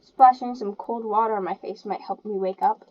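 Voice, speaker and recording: A woman's voice: medium pitch, fairly even intonation, moderate pace, a little mellow. Giggly young woman reading a game. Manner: giggly, chatty asides. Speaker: gamer playing a story game. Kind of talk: reading a visual novel aloud with commentary. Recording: dull lo-fi sound.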